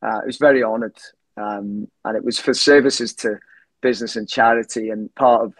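A middle-aged man talking as an interview guest, halting with many restarts and fillers. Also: on the low side, steady tone, dry recording. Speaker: guest, company CEO. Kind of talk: casual interview talk.

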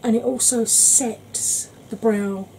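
A woman chatting gently through an ASMR makeup tutorial, calling viewers "darling". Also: fairly high pitch, steady tone, slow, a little hiss or hum. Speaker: beauty vlogger.

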